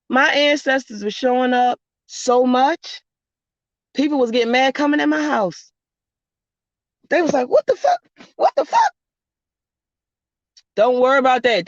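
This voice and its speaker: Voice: sits high, no room sound. Rambly cussing spiritual vlogger, dry muffled lo-fi sound. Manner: blunt, profane, rambling storyteller. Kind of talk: casual spiritual monologue. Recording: dull lo-fi dry recording.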